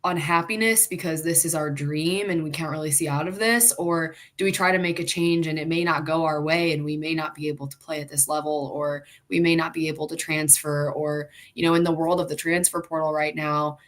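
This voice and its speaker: A young woman and former athlete chats about her college years on a podcast. Her voice is bright and a touch low. She tells stories with energy and slips into other voices for the quotes. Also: fairly quick, few pauses. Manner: animated storyteller, acts out quotes, laughs often. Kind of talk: casual podcast chat.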